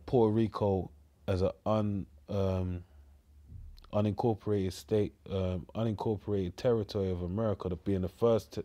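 Low, dark-voiced preacher with London twang. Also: male voice. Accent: London Cockney. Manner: rambling, repeats words, says "man" and "mate" often. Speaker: street preacher. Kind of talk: preaching with scripture reading.

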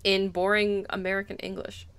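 A woman's voice: mid-range voice, flat delivery, normal speed, a bit bright, clean tone, no echo. A young woman streaming a video game, chatty and giggly as she reacts to her chat. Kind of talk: live gameplay commentary.

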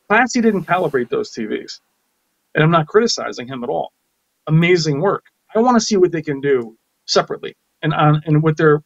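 A man's voice: fairly high pitch, dry recording, poor audio. A man co-hosting a live tech chat, giving opinions with enthusiasm. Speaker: co-host.

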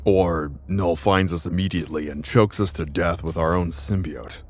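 A man voicing a grim, weary father who carries a symbiote, speaking low, heavy and resolute. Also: normal speed, husky.

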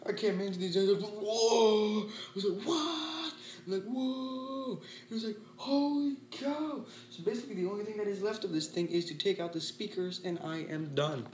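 A man vlogging a teardown in an excitable, rambling way, sweaty and worked up, full of exclamations. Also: high voice, rapid-fire, hardly any pauses. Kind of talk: excited casual teardown vlog.

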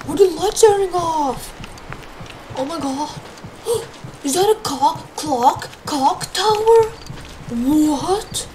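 Jumpy high-voiced woman gaming. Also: expressive, slow, darkish tone, low-quality recording. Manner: jumpy, easily spooked, exclaims often. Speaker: gaming streamer. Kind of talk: live gameplay commentary. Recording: noticeable background noise.

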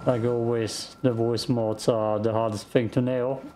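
Brief: male gaming YouTuber, mid pitch, unhurried musing commentary, light noise behind. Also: level tone, dark tone. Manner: laid-back, musing. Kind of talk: let's play commentary. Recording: faint background noise.

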